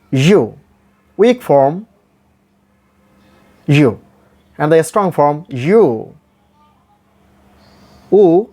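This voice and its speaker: A man teaching English pronunciation, spelling words out letter by letter and repeating each one with careful, drawn-out syllables. His first language is Bengali. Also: mid-range voice, darkish tone. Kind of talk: slow, deliberate pronunciation lesson.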